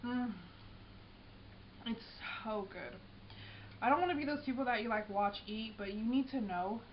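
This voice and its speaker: A young woman with a high voice chats through her home cooking video, loose and slangy, stopping to taste and react between sentences. The sound is a little dull, with a faint hiss behind her. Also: moderate pace. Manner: chatty, slangy, tasting food while talking. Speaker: cooking vlogger. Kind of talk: casual cooking vlog talk.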